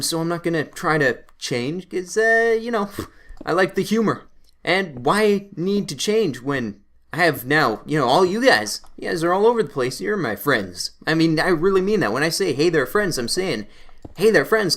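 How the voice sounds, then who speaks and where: Rambling young man telling stories. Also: a little high. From Canada. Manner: rambling, animated storyteller. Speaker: gaming channel host. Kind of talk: casual storytelling during a game playthrough.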